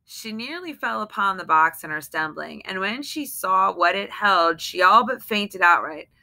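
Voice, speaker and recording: A woman reading a short story aloud in a measured, deliberate way. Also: medium pitch, lively intonation, gravelly, sharp tone. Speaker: reader.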